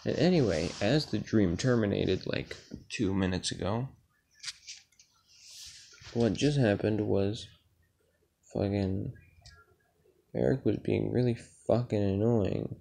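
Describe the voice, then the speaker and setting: Young man, low and gravelly, tired rambling dream story with swearing. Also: takes it slowly, long pauses, warm tone, a little hiss or hum. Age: young adult. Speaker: vlogger. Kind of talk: casual dream retelling.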